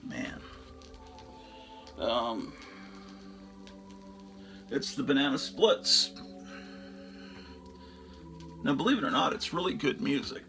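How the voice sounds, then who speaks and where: A man's voice: medium pitch, sharp tone. A man hosting a show, chatting casually and enthusiastically about his record collection in a rambling way, often trailing off into fillers.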